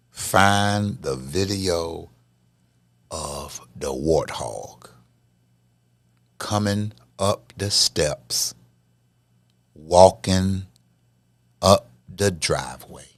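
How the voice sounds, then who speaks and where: Animated storytelling man, lively pitch. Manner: animated storyteller, acts out quotes and growls. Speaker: podcast co-host. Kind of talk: casual chat.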